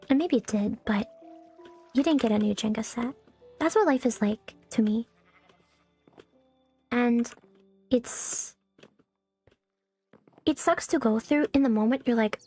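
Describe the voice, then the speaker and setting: Young woman streamer, fairly high voice, breathy and gravelly; loose, candid, sweary chatter. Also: moderate pace, long pauses, a little mellow. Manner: candid, rambling, swears freely. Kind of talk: casual stream chat. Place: home streaming setup. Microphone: new condenser mic on a stand. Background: faint background music.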